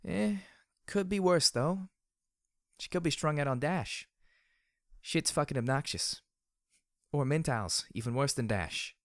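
Rampage type: a crude, cocky female pony brawler, as a male reader puts her on, high, swooping, slightly slurred, in a dry audiobook read. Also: animated, unhurried, pauses often, no echo. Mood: offhand. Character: brutal cheerful armored female pony mercenary. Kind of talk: audiobook character voice.

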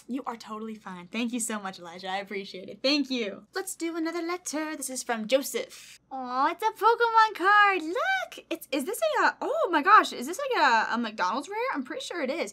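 A woman's voice: on the high side, a bit bright. A young woman streamer opening fan mail, gushing and squealing with delight and close to tears as she reads letters aloud. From United States. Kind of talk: casual excited unboxing vlog.

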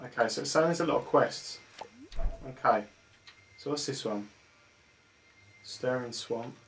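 A man commentating his own gameplay casually, with excited outbursts and halting moments when he reads on-screen text aloud. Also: medium pitch, gravelly, slight background noise.

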